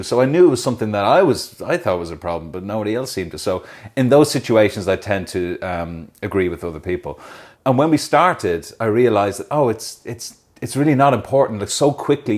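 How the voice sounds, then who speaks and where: An Irish man in a casual interview, talking in a relaxed, self-deprecating way, laughing often and restarting his sentences. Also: mid-range voice. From Ireland. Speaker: actor interviewed about a series.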